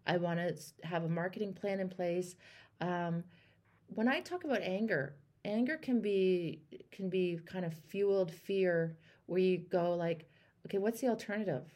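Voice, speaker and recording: A woman hosting a call-in coaching chat, encouraging and animated, acting out example phrases for her caller. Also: fairly low pitch, a little slow. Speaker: host and life coach.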